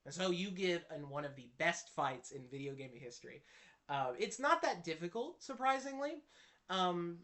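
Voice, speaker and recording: A man's voice: fairly high pitch, expressive, moderate pace, bright, forceful tone. A man telling a personal story to camera in an earnest, impassioned way, often restarting his sentences. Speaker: Christian video creator.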